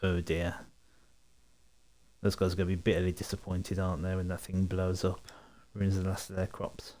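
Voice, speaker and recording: Lowish-voiced man chatting over gameplay. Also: completely flat delivery, normal speed, darkish tone, rough recording. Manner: joking, chatty. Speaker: streamer. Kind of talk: casual gameplay commentary.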